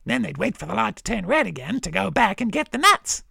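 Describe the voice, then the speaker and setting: A man's voice: high voice, sing-song, a little fast, vocal fry, bright, forceful tone, husky, dry recording, clean studio sound, pitched above the performer's own voice, full character voice. A man voicing a cheery, chummy male orange crow with a put-on Australian accent, full of slang. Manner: chummy, slangy, keeps saying the host's name.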